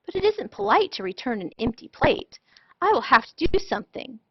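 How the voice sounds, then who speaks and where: A woman's voice: a little high, sing-song, a little fast, breathy edge, no room sound. A woman voicing an earnest, literal-minded housekeeper in a storybook reading, polite and matter-of-fact. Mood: puzzled. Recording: dull lo-fi dry sound.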